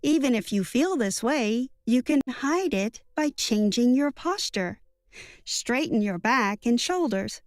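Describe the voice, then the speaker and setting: A woman reading a book summary as scripted narration, in an even, measured way. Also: on the high side, no room sound. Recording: dry studio voice-over with soft music.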